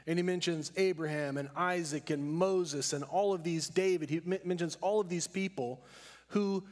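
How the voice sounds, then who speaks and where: A man preaching a sermon as pastor, earnest, and he slows down to stress key words. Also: on the high side, big-room sound.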